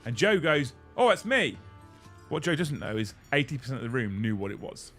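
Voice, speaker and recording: A man hosting a casual chat, telling an animated story and swearing freely. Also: mid-range voice, fast, soft background music. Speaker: host.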